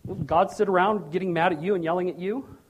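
A middle-aged man preaching a sermon as pastor, animated and joking, with sudden loud bursts. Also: sits high, fast talker, lo-fi sound, slight background noise.

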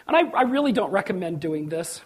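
A middle-aged man delivers a sermon, weaving personal stories and acting out quotes before driving his points home with emphasis. His voice sits high for a man and has a husky edge. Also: sing-song, fairly quick. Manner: storytelling preacher, acts out quotes, rises to emphatic peaks. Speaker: pastor.

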